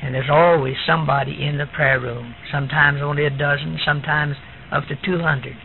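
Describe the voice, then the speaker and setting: A man gives a sermon testimony, recounting events in a plain storytelling way. His voice sits a little high and has a gravelly edge. It comes through a tinny, phone-like lo-fi recording with a faint hiss behind it. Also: steady tone, fairly quick. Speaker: preacher.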